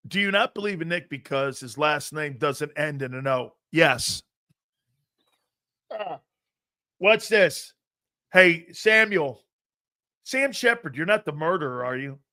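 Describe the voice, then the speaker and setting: A middle-aged man hosting a sports talk show, telling stories in a chatty, rambling way, laughing at himself and jumping between low mutters and loud exclamations. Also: expressive, slow pace, pauses often. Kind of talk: casual storytelling talk.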